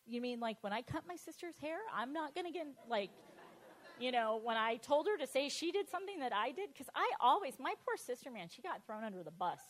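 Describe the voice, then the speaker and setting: A woman, middle-aged, telling her personal testimony in a lively, animated way, laughing often and acting out the voices she quotes. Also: mid-range voice.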